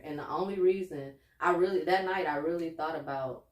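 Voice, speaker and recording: Echoey low-voiced woman chatting candidly. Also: a little fast, recorded from a distance. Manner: earnest, turns animated and laughing when telling stories. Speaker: podcast co-host. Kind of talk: candid casual chat. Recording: echoey room, a bit off-mic.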